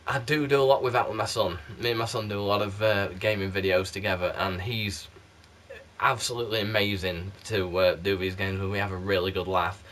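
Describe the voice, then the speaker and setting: A YouTube candle reviewer from South Yorkshire, England, chats casually to camera in a rambling, self-deprecating way, his accent a muddled mix of South Yorkshire English. His voice is fairly low and a bit bright, captured on a PlayStation camera mic.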